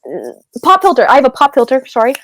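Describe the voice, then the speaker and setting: A woman voice actor being interviewed, bubbly and prone to giggling as she rambles through her answers. Her voice sits a little high and sounds close and dry, with no room around it. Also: wildly swooping pitch, quick pace, dry recording. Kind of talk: casual interview chat.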